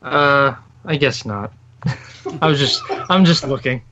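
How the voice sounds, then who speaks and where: A man's voice: mid-range voice, animated, slow, dull audio, background noise. A man playing a tabletop game in character as a vain, self-important hero. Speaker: player.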